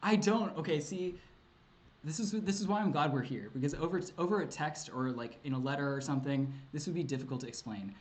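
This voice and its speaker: A man's voice: on the high side, brisk. Rambling, laughing man streaming live. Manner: rambling and hesitant, full of ums and likes; laughs often, swears casually. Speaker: streamer answering chat questions. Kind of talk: casual livestream Q&A.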